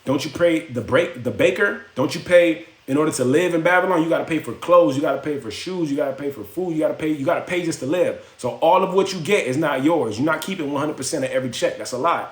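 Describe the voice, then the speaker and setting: A man's voice: on the high side, quick pace, few pauses, close to an everyday voice. A man voicing a wise older man who lectures a young scribe about saving money, in an emphatic, slangy way. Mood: lecturing. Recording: roomy echo.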